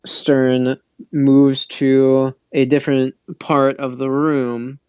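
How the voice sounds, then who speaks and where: A man runs a tabletop game at a slow, easy pace, pausing on fillers as he narrates. His voice is smooth and resonant, recorded dry and close. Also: mid-range voice, flat delivery, darkish tone, no echo. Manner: unhurried, hesitant with fillers. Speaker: game master.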